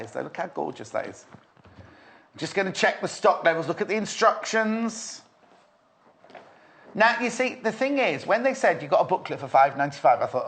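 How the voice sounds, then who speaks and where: Here the presenter's voice is fairly high and fairly bright. The Merseyside host of a live shopping show enthuses over products, says things more than once, and jokes teasingly with his guest in a chatty selling manner.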